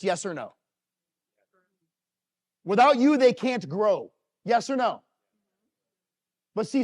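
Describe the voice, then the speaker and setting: A middle-aged man giving a live motivational talk to a company audience, telling emotional stories and swinging from loud to hushed. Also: high-pitched. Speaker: motivational speaker.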